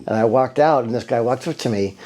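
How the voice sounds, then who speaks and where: A middle-aged man at an ordinary pitch, his tone mellow and unforced. He talks casually and loosely, jumping from point to point and acting out the conversations as he tells his story. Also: a little fast. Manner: rambling storyteller who acts out conversations. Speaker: bodywork therapist giving a patient testimonial. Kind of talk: casual spoken testimonial.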